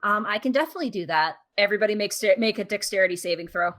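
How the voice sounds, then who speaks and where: Bright-voiced woman running a tabletop game. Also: medium pitch, rapid-fire. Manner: casual, laughing, restarts often. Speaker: game master.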